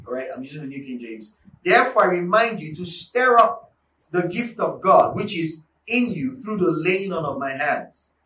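High-pitched preacher, booming in an echoey room. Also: male voice, very animated, moderate pace. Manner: emphatic, repeats lines for force, swells to shouts. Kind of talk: sermon. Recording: echoey room, mic at a distance, faint background noise.

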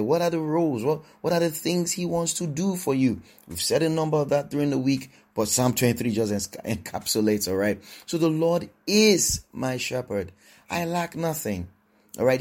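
A man preaching a sermon, reading scripture aloud and commenting on it, often repeating phrases and asking "all right?" as he swings between soft and emphatic delivery. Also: mid-range voice.

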